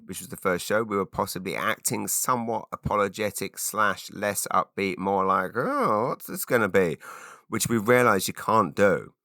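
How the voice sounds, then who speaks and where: A man with a low yet bright voice hosts a podcast, chatting casually on his own. The studio-quality audio has no room sound, and he rambles with many fillers and restarts.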